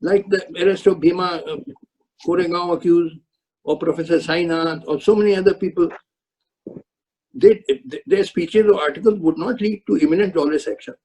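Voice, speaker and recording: Casting note: older retired judge, firm and lecturing, high voice with a dark husky tone. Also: male voice, normal speed, poor audio. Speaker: retired Supreme Court judge speaking to law students. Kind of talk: webinar answers to student questions. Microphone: video call.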